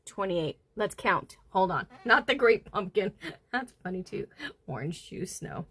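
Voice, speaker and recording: A woman hosting a casual crochet livestream, counting stitches softly under her breath and chatting with viewers. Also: medium pitch, animated, unhurried, husky, no echo. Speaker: livestream host.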